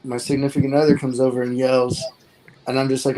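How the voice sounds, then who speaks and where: A man's voice: mid-range voice, little pitch movement, brisk, a little mellow, a little hiss or hum, rough recording. A man in his forties, a guest on the show, talking in a rambling, earnest way that often trails off. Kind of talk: casual chat.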